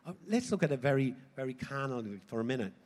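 A man delivers a sermon with animation, his mid-range voice moving fast as he swings between loud emphasis and quiet asides. The recording carries hall reverb.

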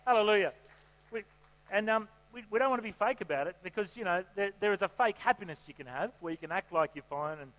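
A man with a high, fairly bright voice preaches a sermon at a quick pace in a church hall, chatting and joking and often putting questions to the congregation. The recording is reverberant, with mains hum underneath.

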